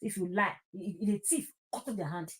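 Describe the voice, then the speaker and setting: A Nigerian woman with a stammer, hosting an online show and mixing Nigerian Pidgin into a casual monologue. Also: mid-range voice. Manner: stammering, mixes Nigerian Pidgin and Yoruba, often rushes. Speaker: host.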